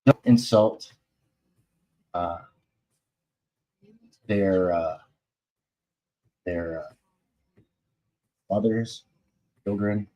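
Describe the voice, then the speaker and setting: A man's voice: sits low, very slow, pauses often, dark tone, rough recording. A man hosting a comics talk stream in casual chat, rambling, loose and slangy, with many fillers.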